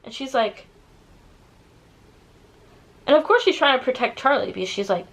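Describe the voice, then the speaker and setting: A woman's voice: sits high, moderate pace, creaky, long pauses, poor audio. A woman ranting through a book review in casual chat, sarcastic and full of swearing, acting out characters' lines. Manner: sarcastic, swears a lot, animated quoting.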